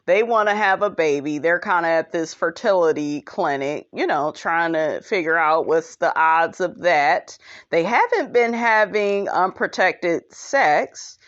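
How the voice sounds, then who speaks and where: A woman's voice: on the low side, a little slow, fairly bright tone, dull audio. A woman hosting a podcast, recapping a reality show in a sassy, gossipy way and talking straight to her listeners. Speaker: podcast host.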